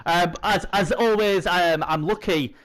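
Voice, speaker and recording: A man's voice: sits high, measured pace, a bit bright. A man hosting a casual gaming preview chat, his voice strained by a sore throat, rambling with lots of fillers. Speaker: host.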